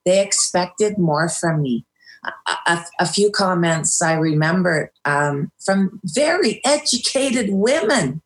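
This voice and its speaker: A woman's voice: fairly low pitch, animated, slow. A middle-aged woman, a guest in an interview, recounting a hard time candidly and with feeling, with some hesitant restarts. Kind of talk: personal storytelling in an interview.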